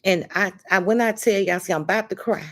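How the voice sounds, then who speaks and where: A woman's voice: mid-range voice, fairly quick, a bit bright. A woman hosting a casual livestream, talking emphatically and calling her viewers honey and baby. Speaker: livestream host.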